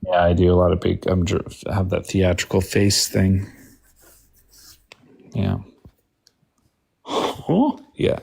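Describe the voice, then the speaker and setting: A chatty male podcast co-host in a casual live chat, with a loose delivery full of fillers. His voice is fairly low in pitch. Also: completely flat delivery, normal speed, creaky, hardly any pauses, darkish tone. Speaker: podcast co-host and Bible reader.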